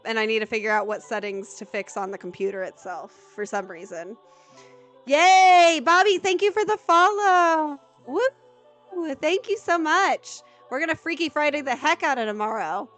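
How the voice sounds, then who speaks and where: A woman streamer chatting casually while she plays a game. She bursts into excited squeals, then drops to a flat, deadpan voice. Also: moderate pace, soft background music. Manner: excitable, jumps into high-pitched exclamations, then goes flat and deadpan. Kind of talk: casual live gameplay commentary.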